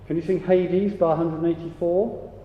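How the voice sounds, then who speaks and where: A man directing a choir rehearsal, briskly giving notes, counting the singers in and singing example phrases. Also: a little high, level tone. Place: large rehearsal hall. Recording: echoey hall, dull lo-fi sound.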